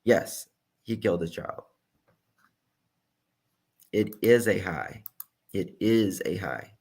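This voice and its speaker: A man's voice: deep voice, animated, slow, a little mellow, husky. A man giving emphatic true crime reaction commentary and repeating his key points.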